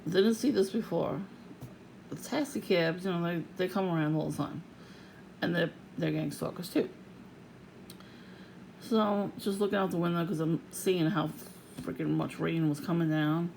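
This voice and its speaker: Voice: mid-range voice, steady tone, moderate pace, vocal fry, pauses often, a little mellow, a little hiss or hum, low-quality recording. An adult vlogger venting in a casual, profane rant to the camera, laughing often.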